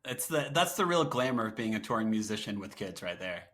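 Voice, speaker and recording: A man's voice: on the low side, big pitch swings, fairly quick, fairly bright tone. A man hosting a podcast interview, chatty and jokey, riffing along with his guest. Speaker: podcast host.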